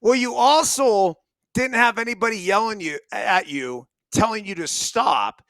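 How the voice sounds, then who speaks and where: A man's voice: high voice, animated, unhurried, fairly bright tone, no room sound, rough recording. A middle-aged man and former ballplayer co-hosting a sports talk show, ranting emphatically and swearing a lot. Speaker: podcast co-host, former ballplayer.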